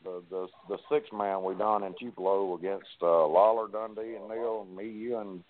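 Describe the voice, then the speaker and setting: A man, a wrestling guest telling profane, animated stories and acting out the dialogue. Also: fairly low pitch, moderate pace. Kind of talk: casual storytelling on a podcast. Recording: tinny phone-like line.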